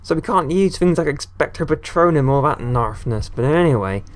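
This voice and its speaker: A man's voice: fairly high pitch, animated, normal speed. A man giving casual, rambling commentary as he plays a video game, often talking straight to the characters on screen. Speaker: gaming video creator. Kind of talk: casual let's-play commentary.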